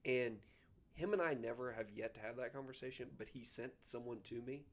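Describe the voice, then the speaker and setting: A middle-aged man, a basketball coach talking earnestly as a guest, pausing often with ums and restarts. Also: mid-range voice. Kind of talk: casual podcast conversation.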